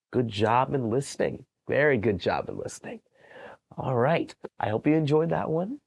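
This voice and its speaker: A man working as a library storyteller, reading bedtime stories to young children in a gentle, animated way. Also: medium pitch, creaky, no echo.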